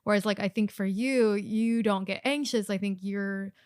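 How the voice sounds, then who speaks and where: Smooth-voiced woman podcast co-host. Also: mid-range voice, steady tone, normal speed, darkish tone, no room sound, studio quality. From United States. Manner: emotional, laughs often, many fillers. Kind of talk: casual chat.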